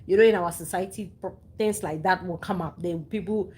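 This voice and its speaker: A woman's voice: on the low side, fairly quick, darkish tone. A young adult woman speaking earnestly and emotionally to her listeners, repeating phrases and restarting sentences as she shares a personal story. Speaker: host sharing a personal story. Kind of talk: heartfelt personal talk to listeners.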